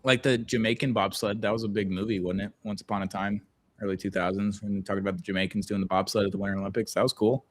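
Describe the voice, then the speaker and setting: Man, podcast host, low voice, loose rambling watch-along chat. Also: level tone, fast. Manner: rambling, reads viewer chat aloud.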